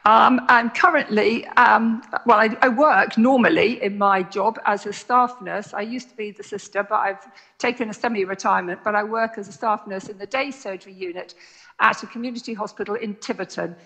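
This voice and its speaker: Gravelly-voiced older woman from Jersey. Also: medium pitch, normal speed, sharp tone. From Jersey, Channel Islands. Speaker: guest, nurse. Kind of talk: casual chat.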